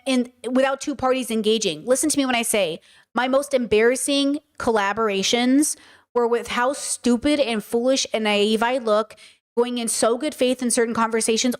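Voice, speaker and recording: A young adult woman with a fairly high voice hosts a podcast, delivering an animated, casual monologue. She swears freely and mimics people in quick asides.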